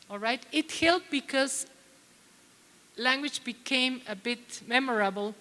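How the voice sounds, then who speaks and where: A woman's voice: sits high, measured pace, pushed and bright. A middle-aged woman giving a conference talk to teachers, chatty and quizzing the audience. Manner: chatty, asks the audience questions. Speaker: plenary speaker at a teachers' conference. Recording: long hall reverb.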